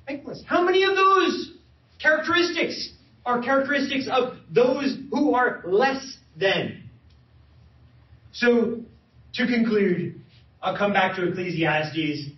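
Earnest man speaking from a distant, echoey hall. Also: high voice. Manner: earnest, repeats words when searching for them. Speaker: lay speaker. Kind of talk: sharing a testimony. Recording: roomy hall, distant mic, dull sound.

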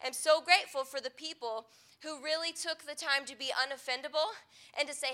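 Woman pastor, young adult, high bright voice, earnest conversational sermon delivery. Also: a little fast.

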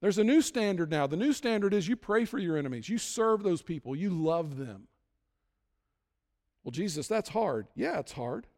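A man preaching a sermon as pastor, building from calm teaching to loud, emphatic peaks. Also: high-pitched, brisk, few pauses, big-room sound.

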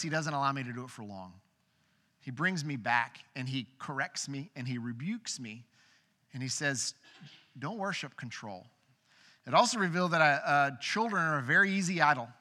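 A man in his thirties preaching a sermon, telling a personal story in an earnest way that swings from hushed to emphatic. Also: high voice. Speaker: pastor. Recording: long hall reverb.

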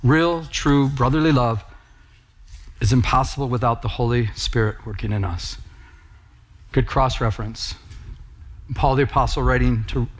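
A man preaching as a pastor in a church, telling personal stories in a casual, conversational way. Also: medium pitch. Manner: casual, conversational storytelling with laughs.

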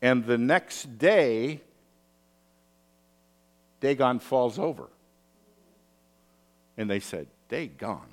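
A man preaching a sermon, telling stories in an animated way with asides and rhetorical questions. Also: mid-range voice, extremely slow, long pauses. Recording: long hall reverb.

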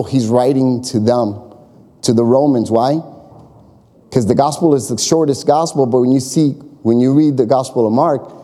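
A man's voice: mid-range voice, warm tone. A man preaching a sermon as pastor, emphatic, calling out to the congregation and whooping. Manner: emphatic, call-and-response, bursts of whoops. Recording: long reverb of a large hall.

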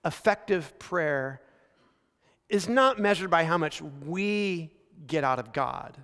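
A male pastor preaching a sermon in a relaxed, storytelling way, slowing down to stress key phrases. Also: a little high, clean tone. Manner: conversational storytelling preaching with frequent slowdowns for emphasis. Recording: long reverb of a large hall.

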